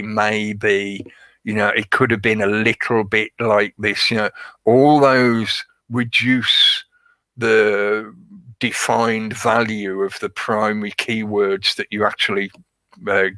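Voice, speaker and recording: A man's voice: on the low side, flat delivery, slow pace, bright, forceful tone, no room sound, low-quality recording. A man giving a casual, rambling monologue as a show host. He repeats himself and stresses his points. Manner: rambling, repetitive, emphatic. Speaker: podcast host.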